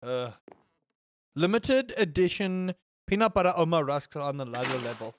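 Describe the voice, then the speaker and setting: Animated gaming streamer. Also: normal speed, a little hiss or hum. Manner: animated, rambling, swears, jumps to high shouts. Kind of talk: casual live-stream chat while playing.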